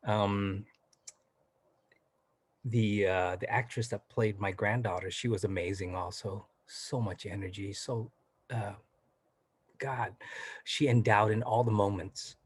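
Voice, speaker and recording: A middle-aged man from southern Vietnam talks through his acting work in a loose, rambling interview style, full of fillers and restarts. His voice sits low and husky. The sound is dry and close. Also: steady tone, slow, pauses often, dry recording. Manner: chatty, many fillers and restarts. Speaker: actor guest. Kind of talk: casual interview chat.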